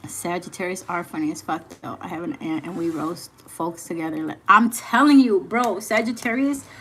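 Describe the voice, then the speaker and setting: A woman's voice: fairly low pitch, normal speed, a bit bright, slight background noise. A young woman hosting a casual chat, telling candid stories in slangy, swearing speech. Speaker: host.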